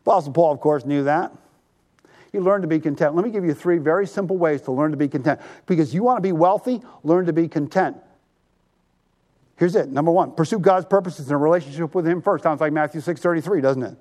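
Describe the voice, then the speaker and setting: A male pastor preaching a sermon, animated and drawing the congregation to answer back. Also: a little high, quick pace.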